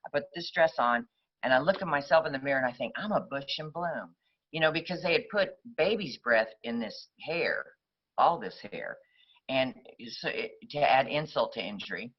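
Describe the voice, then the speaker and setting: A woman's voice: a bass voice, animated, moderate pace, husky, highs cut off. A woman speaking at a recovery meeting, telling her personal story in a rambling, conversational way full of fillers.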